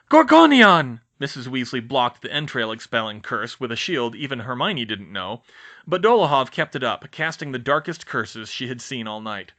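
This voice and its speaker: A man narrating a fantasy audiobook with an expressive, animated delivery. His voice is bright and forceful. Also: medium pitch. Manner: lively, expressive reading. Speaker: audiobook reader. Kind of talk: fan fiction audiobook narration.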